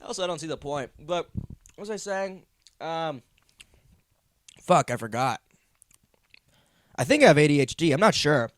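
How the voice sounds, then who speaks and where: A man's voice: on the high side, animated, moderate pace, long pauses, dry recording. A young man hosting a comedy podcast, ranting in a meandering, profane, self-deprecating way. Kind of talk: rambling comedic monologue.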